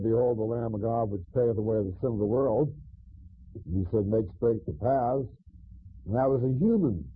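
Husky male Bible teacher, tinny sound. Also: mid-range voice. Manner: measured teaching with frequent "uh" pauses.

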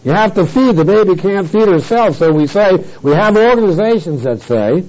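A middle-aged male pastor teaching a verse-by-verse Bible study sermon, didactic and emphatic, his pitch and loudness swinging widely between stressed and dropped phrases. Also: animated, normal speed, few pauses, lo-fi sound.

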